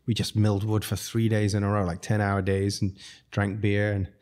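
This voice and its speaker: A low-pitched man with a dark, mellow voice tells stories in a casual podcast conversation. He rambles from one anecdote to the next and pokes fun at himself along the way. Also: monotone, a little fast. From outside the United States. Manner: rambling, self-mocking anecdotes with laughs. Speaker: restaurateur guest. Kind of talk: casual storytelling chat.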